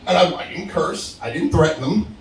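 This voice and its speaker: Animated comic man in his forties. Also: on the high side, normal speed. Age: 40s. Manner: animated storytelling, acts out phone calls, laughs at own jokes. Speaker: stand-up comedian. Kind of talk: stand-up comedy set. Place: stage at a live open mic. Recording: roomy venue sound from a distance.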